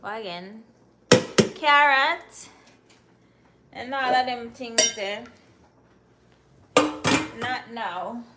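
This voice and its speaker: Jamaican woman, young adult, chatty cooking livestream host, slow and fairly high voice. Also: very noisy. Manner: chatty, answers viewers' comments by name. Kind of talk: casual live-stream chat while cooking.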